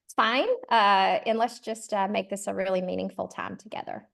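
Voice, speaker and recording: A middle-aged Southern woman from Georgia, USA, a charter school consultant, leads a virtual workshop in a friendly manner, saying "y'all" and filling her speech with ums and uhs. Her medium-pitched voice has fairly even intonation, a moderate pace, vocal fry, and a fairly bright tone.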